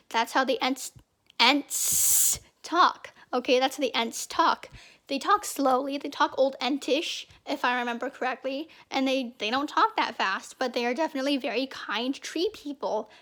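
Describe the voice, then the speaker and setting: A woman's voice: sits high, a bit bright. A young woman giving casual, rambling fan commentary as a channel host, chatty and prone to repeating herself.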